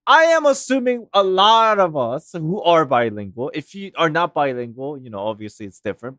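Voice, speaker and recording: A man's voice: sits high, fairly bright tone, no echo, clean studio sound. A man, a game streamer rambling animatedly in casual chat, laughing often. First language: Korean.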